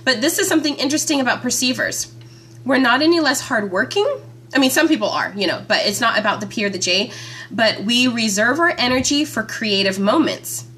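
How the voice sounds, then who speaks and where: A woman hosting a live stream from her phone, chatting with viewers by name in a chatty, excitable way. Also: fairly high pitch. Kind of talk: casual live-stream chat.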